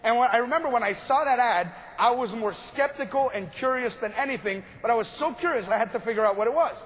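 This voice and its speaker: High-voiced man telling a story. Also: quick pace, a bit bright, a little hiss or hum. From Montreal, Canada. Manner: casual joking storyteller. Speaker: speaker telling his business story. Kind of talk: motivational storytelling talk.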